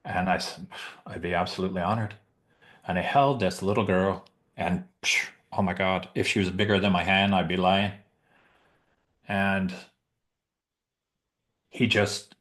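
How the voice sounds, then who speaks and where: A middle-aged man who works as a Santa, telling a heartfelt story with pauses, restarts and emotion. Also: sits low, fairly even intonation, a bit bright. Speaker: professional Santa performer. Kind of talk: heartfelt storytelling in a group chat.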